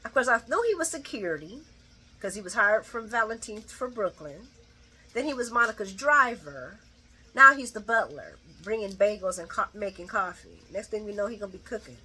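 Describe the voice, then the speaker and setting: A woman's voice: mid-range voice, lively intonation, normal speed, pushed and bright, slightly rough. A middle-aged woman giving a casual, chatty soap opera recap to her viewers, acting out the characters' lines and laughing often.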